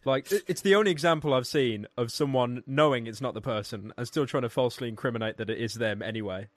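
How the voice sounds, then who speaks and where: Excitable guest man, dry sound. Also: medium pitch, dry recording. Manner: quick, exclamatory, trailing restarts. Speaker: podcast guest. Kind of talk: casual group chat.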